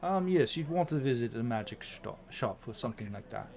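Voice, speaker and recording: A man's voice: medium pitch, lively intonation, fairly quick, vocal fry, a little mellow. Sly shopkeeper, as a man puts him on. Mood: evasive. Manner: hesitant, hedging, overly courteous. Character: sly male shopkeeper, polite and evasive.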